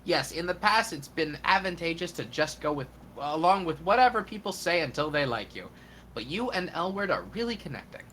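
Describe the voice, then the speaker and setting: A streamer narrating a game on a live stream, reading with comic emphasis. The voice is bright and very animated, rising and falling all over. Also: medium pitch, fairly quick, slight background noise.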